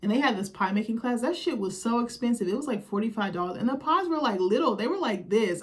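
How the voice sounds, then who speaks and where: A woman's voice: on the high side, expressive, fast, few pauses. Blunt, gossipy young woman recapping. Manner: blunt, profane, gossipy retelling with quoted asides. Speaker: reality TV recap vlogger. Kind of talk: casual recap monologue.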